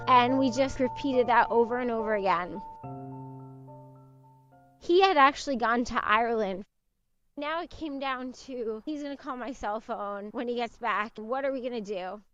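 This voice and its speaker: A woman with a fairly high voice tells a personal story in a candid, conversational way. The recording sounds slightly muffled, with faint music running underneath. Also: a bit bright, no room sound. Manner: candid, conversational, with short laughs.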